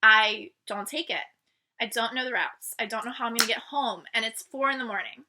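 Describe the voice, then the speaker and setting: A woman vlogger telling a personal story to her viewers in a casual, animated way, acting out the dialogue. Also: a little high, brisk, noisy background. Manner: animated, acts out quoted dialogue.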